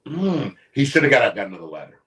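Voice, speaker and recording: A man's voice: medium pitch, very animated, quick pace, a bit bright. A man co-hosting a podcast, answering in terse, matter-of-fact casual chat. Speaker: podcast co-host. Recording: echoey room, off-mic.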